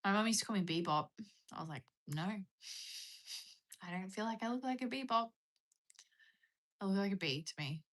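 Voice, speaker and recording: Bright-voiced Australian woman chatting on a livestream. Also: medium pitch, lively intonation, normal speed, pauses often. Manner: chatty, rambling, self-mocking. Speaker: livestream host. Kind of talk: casual livestream chat reading comments.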